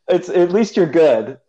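A podcast host from the American Midwest chats casually, talkative and laughing often. His voice sits high with a warm tone, and the recording has a slightly dull lo-fi sound.

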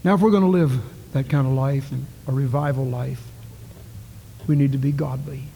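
A man preaching a sermon, telling stories earnestly and swinging between calls and hushed near-whispers. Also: medium pitch, steady tone, normal speed, gravelly, slight background noise. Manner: earnest storytelling, rising to calls then dropping to near whispers. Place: church sanctuary. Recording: long church reverb.

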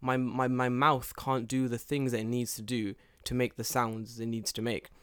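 A man chatting casually as a podcast co-host, animated and swearing, with many restarts. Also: medium pitch, moderate pace, smooth, no echo, studio quality. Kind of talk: casual chat.

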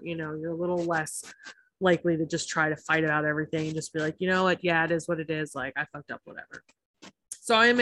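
A woman podcast co-host in casual chat, talking fast with swearing and animated asides. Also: sits low. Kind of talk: casual chat about reality TV.

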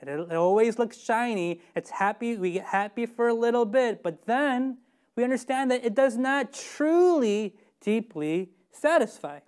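A woman's voice: fairly high pitch, expressive, unhurried, a little mellow, clear, resonant tone. A woman preaching a sermon, emphatic and often putting questions to her listeners. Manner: emphatic, asks the congregation questions.

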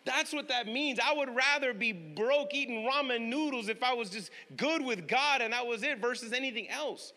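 A pastor preaching a sermon, emphatic and direct, who repeats key phrases and puts questions to the congregation. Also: male voice, very high-pitched, moderate pace, hardly any pauses, sharp tone, big-room sound.

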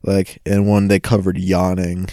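Smooth-voiced teasing man podcaster. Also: low voice, monotone, a little slow, mellow, dry recording. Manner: teasing, blunt, swears freely. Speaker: podcast co-host. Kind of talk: casual podcast banter.

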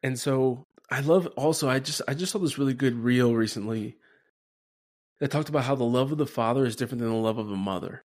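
A man's voice: mid-range voice, fairly quick, darkish tone. A man hosting a Catholic reflection podcast, talking casually and conversationally, often tagging his points with "right?". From Denver area, USA. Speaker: podcast host.

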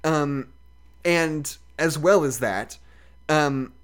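A podcast host talking casually about a film, animated and laughing often, with lots of fillers and casual swearing. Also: mid-range voice, drawn-out words, smooth.

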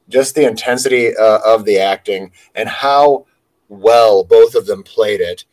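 A man's voice: on the low side, a little slow, darkish tone, poor audio. A man co-hosting a casual film podcast, speaking earnestly and often restarting his sentences. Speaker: podcast co-host. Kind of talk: casual movie discussion.

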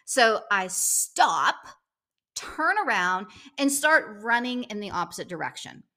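Bright, animated woman telling a story. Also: a little slow. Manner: animated, acts out quotes with big pitch jumps. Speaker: podcast co-host. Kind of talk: casual storytelling chat.

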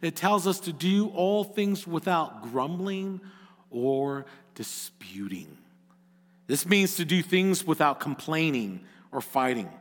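A man's voice: on the high side, expressive, takes it slowly, in a large hall. A middle-aged male pastor preaching a sermon, earnest and at times rising to emphatic exhortation.

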